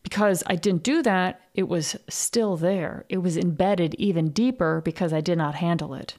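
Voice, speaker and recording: A woman's voice: lowish voice, moderate pace, a little mellow. Candid woman telling a story. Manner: candid, swears freely, laughs at herself. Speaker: podcast host. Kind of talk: casual monologue.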